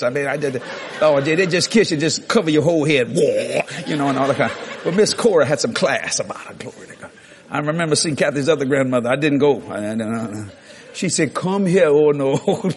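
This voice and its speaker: A middle-aged man, preaching a sermon through lively, laughing anecdotes with sudden jumps in pitch. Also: quick pace. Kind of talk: storytelling sermon.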